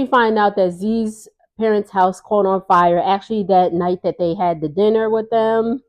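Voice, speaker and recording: A woman's voice: mid-range voice, darkish tone. A woman casually recapping a reality TV episode in a chatty, sassy way, laughing often and acting out what people said.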